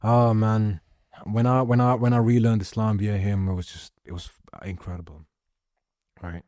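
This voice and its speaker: A man with a low voice delivers a heated, profanity-laced monologue to camera. He talks forcefully and rants. The sound is dry, with no room echo. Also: steady tone, moderate pace. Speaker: vlogger.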